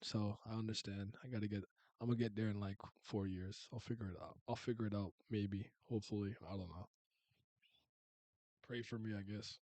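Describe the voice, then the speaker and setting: A man's voice: lowish voice, steady tone, moderate pace, mellow, no room sound. A man in his thirties, from Canada, chatting casually and rambling with viewers as a streamer. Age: 30s. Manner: rambling, restarts and laughs, uses slang.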